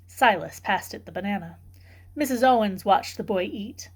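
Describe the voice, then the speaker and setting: A woman reads a novel aloud for a book club in a steady, clear storytelling manner. Her voice sits at a middle pitch and keeps an even narrating pace. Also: moderate pace.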